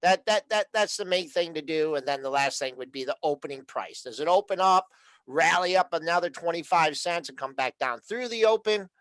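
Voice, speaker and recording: A man with a slightly high voice walking listeners through chart levels, relaxed and full of little fillers. It sounds dry and close to the mic. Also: fairly quick, no echo. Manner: relaxed, explains step by step with fillers. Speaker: co-host and trading chart guy. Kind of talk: casual market chat, trading tips.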